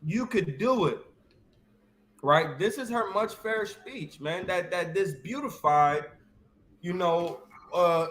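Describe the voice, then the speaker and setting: Brief: high-pitched male Bible talk host, slangy and lively, echoey room with faint hiss. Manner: slangy and animated, keeps asking "right?". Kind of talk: casual religious discussion.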